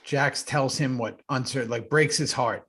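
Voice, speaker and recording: A man co-hosting a podcast, telling animated stories in casual chat and swearing freely. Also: medium pitch, unhurried, breathy edge. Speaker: podcast co-host.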